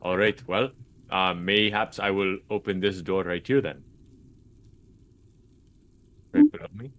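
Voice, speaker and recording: A man playing a tabletop game, laid-back and unhurried in casual chat. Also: sits low, little pitch movement, fairly bright tone. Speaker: player.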